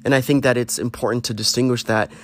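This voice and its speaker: A man's voice: medium pitch, fairly even intonation, fast. A man giving a heartfelt, rambling personal monologue, earnestly urging listeners to reach out to friends. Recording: faint guitar music behind.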